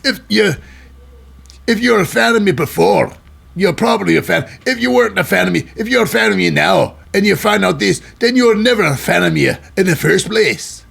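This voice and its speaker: A brash grown wrestler swaggers through his lines in a put-on accent, voiced by a man doing an impression. The voice sits higher than the man's own and cracks with gravel, loud and drawn out. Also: animated, heavily acted. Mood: boastful. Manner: loud, boastful, drawn-out delivery.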